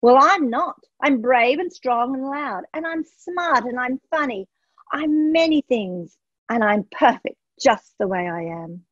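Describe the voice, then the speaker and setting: A feisty young princess from a children's storybook, acted out by a woman reading aloud, firm and emphatic. Her voice is high and a touch husky. The sound is dull and dry. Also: expressive, unhurried, no room sound. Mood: proud. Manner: spirited and emphatic. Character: bold loud young princess girl.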